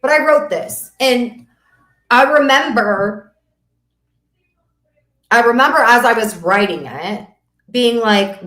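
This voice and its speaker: A woman's voice: a little high, expressive, slow pace, pauses often, a bit bright. A woman business coach hosting a masterclass, talking in an emphatic, preachy motivational way and repeating her phrases for effect. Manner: faith-driven motivational tone. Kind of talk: motivational webinar talk. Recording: roomy echo.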